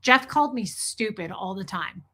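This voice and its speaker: A woman's voice: medium pitch, animated, normal speed, bright, forceful tone. A woman hosting a casual livestream, answering viewers in a candid, blunt way and swearing freely. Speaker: livestream host.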